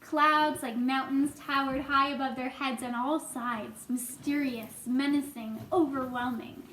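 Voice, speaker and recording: A woman reading a children's book aloud in a gentle, expressive way. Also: sits high, unhurried. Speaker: storyteller. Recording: echoey room, faint noise.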